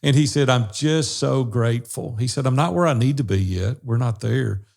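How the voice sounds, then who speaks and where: A man's voice: medium pitch, normal speed, creaky. A man, co-hosting a podcast and telling stories in a folksy, casual way. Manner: warm folksy storyteller, says y'all and fixing to. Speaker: co-host of a business brotherhood podcast. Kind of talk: casual storytelling chat.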